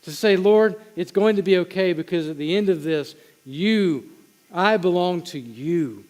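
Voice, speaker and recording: A man's voice: high-pitched, unhurried, a little mellow. A man preaching a sermon to his congregation in a conversational way, with asides to the people in front of him. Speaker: pastor. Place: church sanctuary. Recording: long hall reverb.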